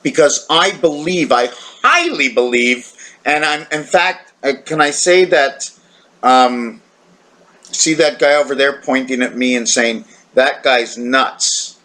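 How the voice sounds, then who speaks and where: A man's voice: mid-range voice, measured pace, sharp tone. A tired man talking to camera in a rambling, wandering monologue, questioning himself and breaking into playful sound effects. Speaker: video maker.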